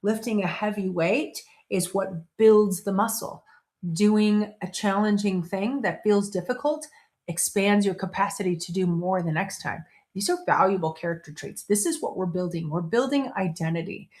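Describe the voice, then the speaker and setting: A woman's voice: mid-range voice, normal speed, a little mellow. A middle-aged woman hosting a casual motivational talk, conversational, restarting her sentences and slipping into playful quoted voices. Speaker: host.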